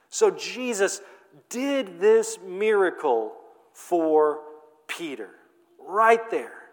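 Animated male preacher in a reverberant hall. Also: on the high side. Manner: animated, conversational preaching with playful asides. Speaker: pastor. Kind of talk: sermon.

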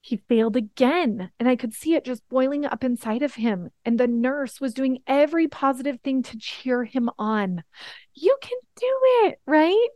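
A woman in her thirties hosting a motivational podcast, earnest and emphatic, slowing down on the words that matter. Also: fairly high pitch, a little mellow, dry recording, clean studio sound. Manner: earnest, emphatic, slows down for key points. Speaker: podcast host.

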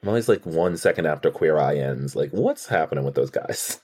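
A man co-hosting a casual podcast, recapping a TV episode in an animated, profane way and acting out characters' lines. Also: extremely low pitch, fairly quick, breathy edge. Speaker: podcast co-host. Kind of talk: casual chat recapping a TV show.

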